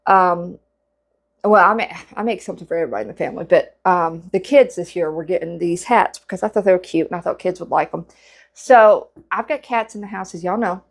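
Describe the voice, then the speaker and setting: A woman's voice: fairly low pitch, fairly quick, vocal fry. A woman chatting casually to camera while crocheting, rambling with lots of fillers and restarts. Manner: chatty and rambling, with many fillers and self-corrections. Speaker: vlogger.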